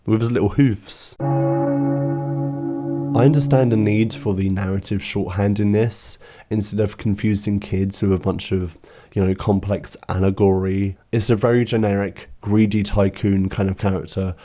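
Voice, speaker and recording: A man talking through a film adaptation in a commentary video essay, dry and sarcastic in his asides. His voice sits a little low and sounds warm and relaxed rather than bright.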